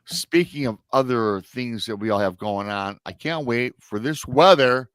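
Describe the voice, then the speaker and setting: An easygoing man from Michigan hosts a live talk show with a relaxed, chatty manner. His voice sits at an ordinary middle pitch, recorded dry and close. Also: a little slow, no room sound. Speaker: host. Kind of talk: casual live-show chat.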